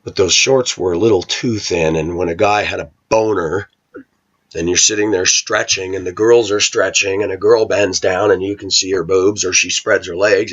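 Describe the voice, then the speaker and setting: A man's voice: low-pitched, a bit bright, husky. A middle-aged man talking to his viewers in a rambling, opinionated monologue. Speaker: vlogger. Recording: dull lo-fi recording.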